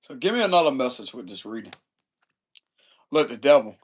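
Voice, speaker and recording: A man's voice: mid-range voice, sing-song, fairly quick, husky. A man giving a casual tarot reading in loose, profane, slangy chat, chuckling often. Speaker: tarot reader.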